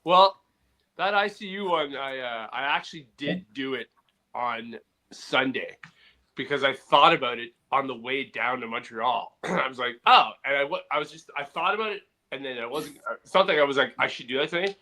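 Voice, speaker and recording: A male stand-up comedian co-hosting a casual comedy podcast, animated and quick to laugh. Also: medium pitch, poor audio.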